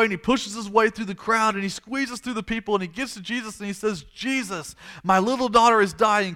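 Bright-voiced preacher telling a story. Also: male voice, high-pitched. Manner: dramatic storytelling, repeats phrases for emphasis. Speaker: pastor. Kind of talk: sermon.

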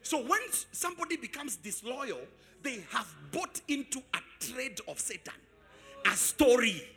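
A man preaching a sermon as pastor, asking the congregation questions and swelling into sung shouts. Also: very high voice, very animated, a little slow, creaky. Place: church service.

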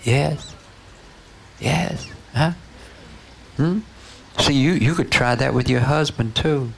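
A man preaching slowly and deliberately, his voice carrying a gravelly edge. He keeps checking in with his congregation through short "Huh?" and "Yes?" prompts between points. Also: mid-range voice. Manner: call-and-response preaching, frequent "Huh?" and "you know". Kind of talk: sermon.

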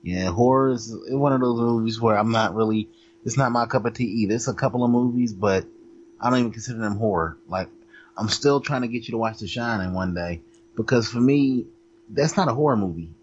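A man co-hosting a casual movie chat, measured and hedging as he weighs his opinion. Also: medium pitch. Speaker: podcast co-host. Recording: dull mic with faint hum.

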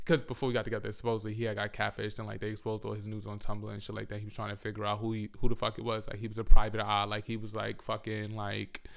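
A man's voice: medium pitch, gravelly, fairly bright tone, clean tone. A man telling a rambling, profane story in a casual monologue on a handheld mic.

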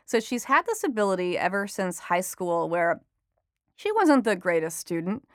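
A woman's voice: on the low side, sing-song, normal speed, no echo, studio quality. A woman who is an entertainment reporter and author, chatting as an interview guest, telling stories with animation and frequent laughter. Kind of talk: conversational interview.

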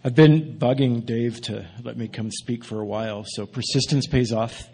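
Man, guest preacher, husky timbre, easygoing sermon with asides. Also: medium pitch, moderate pace. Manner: relaxed, self-deprecating, with restarts and asides. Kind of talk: casual sermon.

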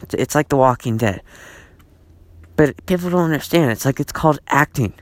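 A man's voice: mid-range voice, lively intonation, moderate pace, dry recording. Man ranting on a dry, close podcast mic. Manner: repetitive and exasperated, many restarts and fillers. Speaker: podcast host. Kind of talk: rambling solo podcast monologue. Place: at home.

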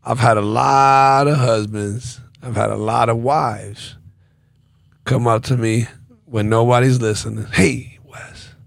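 A man's voice: mid-range voice, fairly even intonation, a little slow, gravelly, no room sound. A man hosting a casual chat, talking bluntly and emphatically with lots of profanity.

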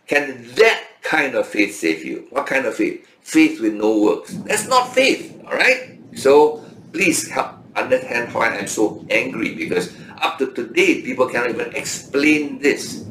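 A man's voice: medium pitch, a bit bright. A man giving an emphatic Bible study lecture, often checking in with his listeners. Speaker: Bible teacher. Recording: echoey room.

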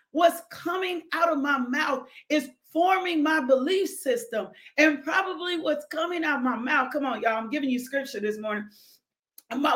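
A woman hosting a devotional podcast, preaching fervently with shouted exclamations and joyful whoops, pausing to sip her coffee. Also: sits high. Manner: sips coffee while talking.

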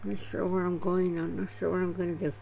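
Gravelly woman, rambling and profane. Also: lowish voice, level tone, fast talker, mellow, a little hiss or hum, low-quality recording. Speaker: vlogger telling a personal story. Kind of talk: casual storytelling.

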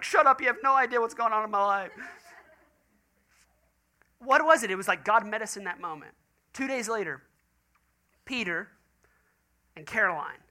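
A man, a pastor preaching a sermon and telling stories in acted quoted voices. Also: high-pitched. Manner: animated storytelling with quoted voices.

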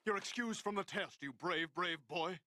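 An actor playing a gruff, short-tempered male schoolteacher in a cartoon, barking orders at his class. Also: high-pitched, normal speed, pushed and bright, slight background noise. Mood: exasperated. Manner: barking, exasperated. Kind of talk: animated sitcom dialogue.

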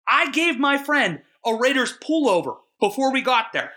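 A young man co-hosting a podcast, telling a long rambling story in a self-mocking, excitable way. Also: extremely high pitch, moderate pace. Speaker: podcast co-host. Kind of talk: casual storytelling chat.

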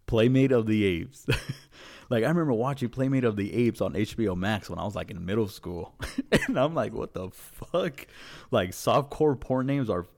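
A man's voice: on the low side, expressive, normal speed, a little mellow. A man hosting a podcast in casual chat, rambling and profane, breaking into laughter often. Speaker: podcast host.

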